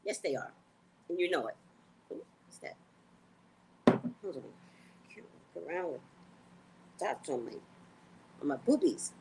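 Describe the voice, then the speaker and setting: A woman hosting a casual livestream, talking to her viewers in a blunt, profane, animated way. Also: deep voice, a little slow, long pauses, background noise. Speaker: psychic reader and livestream host.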